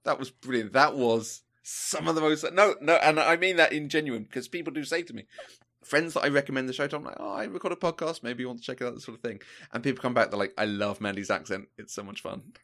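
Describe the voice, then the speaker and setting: A man's voice: medium pitch, fast talker, a bit bright. Chatty man co-hosting a podcast. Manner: chatty, laughs often, self-interrupting. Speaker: podcast co-host. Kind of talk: casual podcast chat.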